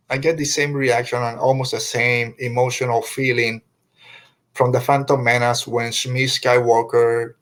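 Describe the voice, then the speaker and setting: Choked-up heartfelt man reviewing a show. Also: mid-range voice. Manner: heartfelt and choked up, sighing, restarting phrases. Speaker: podcast host. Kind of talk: emotional episode review, casual chat.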